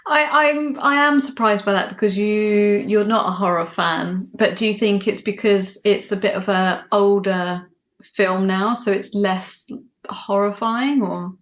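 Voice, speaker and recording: Lady host asking quick questions, chill podcast chat. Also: medium pitch, echoey room. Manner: curious, asks short questions.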